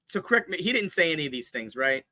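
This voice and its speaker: High, bright-voiced man on a comedy podcast. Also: very animated, fast talker, no room sound. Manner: laughs often, asks probing questions. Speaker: comedian co-host. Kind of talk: casual comedy podcast chat.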